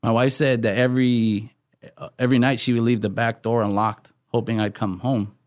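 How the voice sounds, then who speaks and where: A man's voice: mid-range voice, flat delivery, normal speed, no echo, studio quality. Earnest man telling his testimony. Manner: earnest storytelling with frequent restarts. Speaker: pastor. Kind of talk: testimony in a podcast interview.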